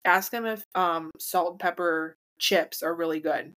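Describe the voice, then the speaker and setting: A woman's voice: fairly low pitch, unhurried, fairly bright tone. Woman co-host, casual podcast chat, rambling, swears a lot, laughs often.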